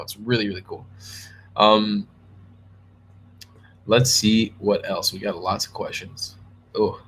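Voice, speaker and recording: A young man hosting a live stream, casually chatting, joking and answering viewers' questions with many ums and restarts. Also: fairly low pitch.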